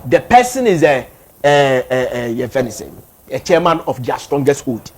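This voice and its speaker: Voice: medium pitch, a little slow. A speaker with a Ghanaian accent, commenting animatedly in casual talk and mixing two languages. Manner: animated, switches between Twi and English.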